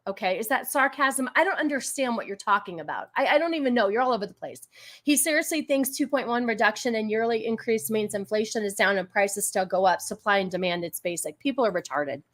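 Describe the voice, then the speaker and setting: A woman's voice: on the high side, fairly quick, a bit bright. A woman hosting a casual live stream, talking back to chat in an exasperated, argumentative way and thanking donors. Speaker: livestream host. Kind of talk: casual political commentary stream.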